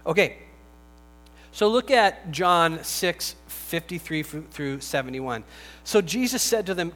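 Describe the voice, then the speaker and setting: A man with a high voice preaches in a casual, joking tone, then drives his points home with emphatic bursts. His voice rings with a long hall reverb, and faint music plays underneath. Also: animated, slow pace, fairly bright tone. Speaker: pastor. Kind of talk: sermon.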